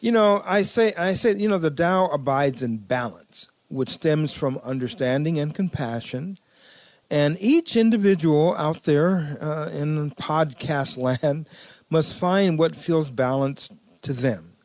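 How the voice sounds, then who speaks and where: Calm, reflective man in a dry studio. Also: on the high side, slow pace, no room sound. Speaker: podcast co-host. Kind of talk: relaxed conversational chat.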